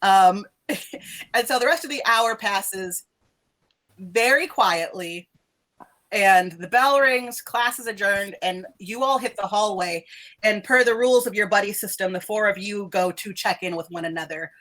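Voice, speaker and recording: A woman's voice: mid-range voice, unhurried, a bit bright. Chatty woman running a tabletop game. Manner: loose, chatty, full of "like" and laughs. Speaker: game master.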